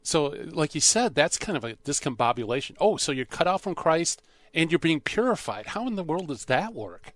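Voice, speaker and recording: A man's voice: on the high side, sing-song, normal speed, few pauses, fairly bright tone, no room sound. A man co-hosting a radio talk show in a casual, agreeable, conversational way.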